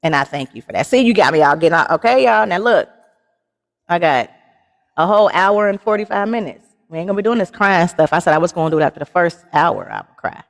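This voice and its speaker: A woman's voice: on the low side, expressive, fast, in a large hall. A woman in her forties hosting a casual livestream, chatty and laughing often as she talks straight to her viewers. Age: 40s. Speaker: live show host.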